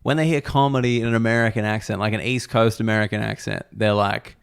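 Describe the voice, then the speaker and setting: A man's voice: lowish voice, steady tone, fast, creaky, clean tone. An Australian man hosting a comedy podcast, chatting loosely with lots of filler words. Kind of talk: casual interview chat.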